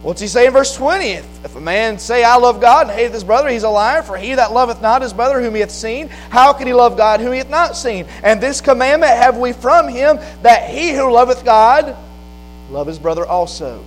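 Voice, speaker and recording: A man preaching a sermon, moving from quiet, plain explanation to loud, fervent preaching. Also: very high voice, expressive, fairly quick, rough recording. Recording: faint mains hum behind.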